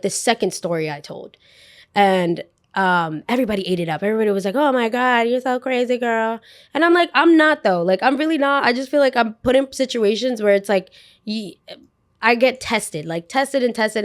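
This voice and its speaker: Young woman, casual podcast storyteller, animated delivery with quoted voices and lots of "like". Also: medium pitch. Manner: animated, acts out quotes, heavy use of "like". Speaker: podcast guest.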